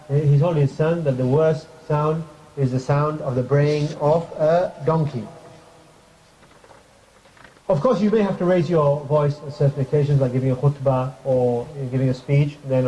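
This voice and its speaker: A man's voice: a little high, warm tone. Man giving a conversational mosque talk. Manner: conversational, asks the audience questions, light jokes; recites Arabic verses quickly. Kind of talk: informal sermon. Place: mosque hall. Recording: crackly muffled recording.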